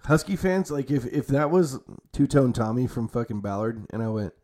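A man's voice: mid-range voice, brisk, dark tone. Rambling, foul-mouthed male podcast host. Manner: rambling and heavily profane, with frequent fillers and self-corrections. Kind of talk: casual chat.

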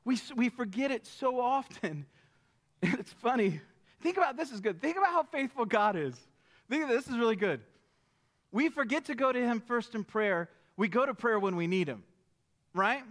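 A man preaching a sermon as pastor, animated and conversational, often checking in with "right?". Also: very high voice, normal speed. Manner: animated, rhetorical, keeps asking "right?".

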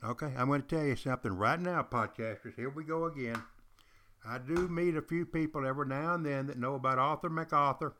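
A man's voice: medium pitch, brisk, bright, forceful tone, a little hiss or hum. Emphatic older man telling history. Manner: emphatic, repetitive, addresses listeners directly. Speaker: podcast host. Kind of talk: storytelling history lecture.

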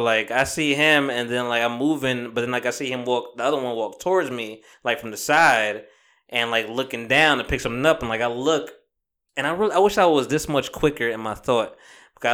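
Man, podcast host, casual chat, clear resonant voice, rambling, profane, fast talker. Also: mid-range voice, pushed and bright. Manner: rambling storytelling, heavy fillers and swearing; says he talks fast.

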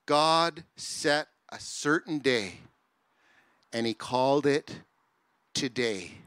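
Bright-voiced impassioned male pastor. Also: mid-range voice, lively intonation, slow pace, pauses often, clear, resonant tone, no echo. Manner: impassioned, swings from soft to loud rising appeals. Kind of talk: sermon.

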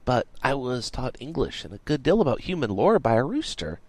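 A man doing a shy wild young man raised in the woods, speaking softly and plainly with a slightly raised pitch. Storybook audiobook reading, dry and close. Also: big pitch swings, a little fast, dry recording. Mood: earnest.

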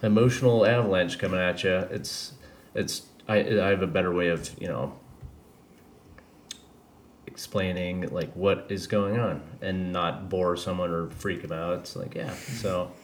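A man with a very low voice talks through his thoughts in a loose, rambling way, dropping casual swears. He hosts a podcast, there is faint noise underneath, and his tone stays candid and unpolished. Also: measured pace. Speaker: podcast host. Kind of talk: casual chat.

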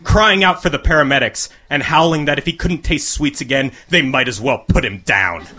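A man reading a crude comic short story aloud to a live audience, with a deadpan delivery. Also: medium pitch, normal speed.

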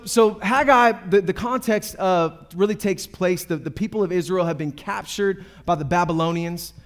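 A man preaching a sermon as pastor, emphatic and conversational, repeating phrases and calling out to the congregation. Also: high voice.

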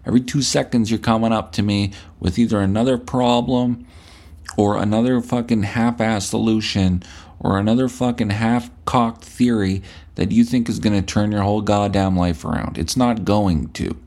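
A man's voice: fairly low pitch, steady tone, moderate pace, a little mellow. A male podcast host delivering a blunt, profane, scolding rant at the listener. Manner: blunt, scolding, heavy swearing.

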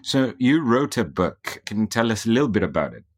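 A man hosting an interview, asking halting, conversational questions. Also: fairly low pitch, sing-song, darkish tone. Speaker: interview host.

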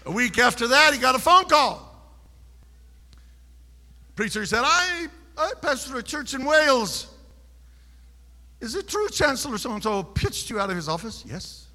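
A male pastor preaching a sermon, telling a story quietly and then shouting his points. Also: very high-pitched, very animated, unhurried, pauses often, big-room sound.

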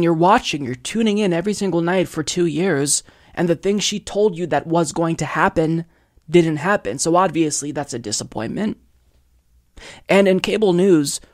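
Male commentary host, fairly high voice, dry close sound, pressing his points firmly. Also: no echo. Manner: emphatic and persuasive, addresses viewers directly. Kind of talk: opinion commentary monologue.

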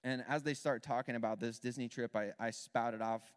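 A man in his thirties, a worship leader telling a candid, animated personal story as part of a sermon. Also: mid-range voice, fairly quick, clear, resonant tone. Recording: long hall reverb.

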